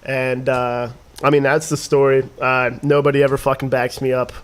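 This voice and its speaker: A man's voice: mid-range voice, flat delivery, moderate pace, clean tone. A young man telling a rambling story in casual podcast chat, laughing and swearing as he goes. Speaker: podcast guest.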